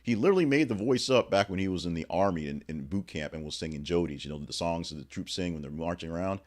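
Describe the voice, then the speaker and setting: A man's voice: low-pitched, expressive, fast talker. A middle-aged man hosting a casual morning news podcast, rambling offhandedly through the headlines with frequent fillers and restarts.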